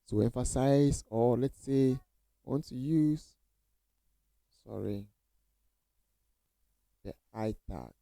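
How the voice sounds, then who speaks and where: A man's voice: mid-range voice, slow pace, gravelly, pauses often, warm tone, dry recording, poor audio. A man teaching coding basics in a casual screen-share tutorial, repeating phrases and reassuring viewers with many okays.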